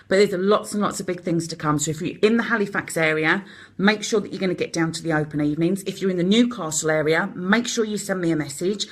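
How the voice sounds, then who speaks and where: Fast-talking Cockney woman. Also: on the low side. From London. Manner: rapid, chatty and encouraging. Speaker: host of a live support video. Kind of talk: casual live-stream chat.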